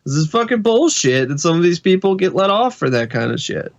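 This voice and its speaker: A man's voice: sits high, big pitch swings, fairly quick, highs cut off. A man co-hosting a podcast, talking casually with many fillers, and he swears bluntly when something angers him. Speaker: podcast co-host.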